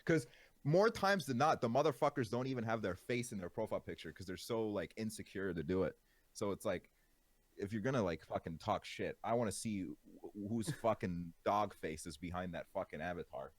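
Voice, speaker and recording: A young man streaming, chatting casually in a laid-back, rambling way, his voice jumping high with laughter when he is outraged. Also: lively intonation, fairly quick, no room sound. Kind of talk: casual chat.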